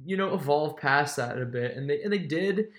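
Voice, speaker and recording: A young man co-hosting a music podcast, chatting in a relaxed, wry, teasing way about an album. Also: fairly high pitch, moderate pace. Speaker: podcast co-host. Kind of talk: casual chat, album review. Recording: roomy echo.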